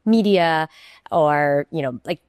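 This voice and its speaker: A woman with a low, smooth voice explains her thinking through example after example. She talks conversationally, restarting sentences as she goes. The recording is dry and close. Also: takes it slowly, a little mellow, no echo. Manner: explanatory, uses many examples, frequent restarts. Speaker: guest, networking consultant. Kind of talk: conversational podcast interview.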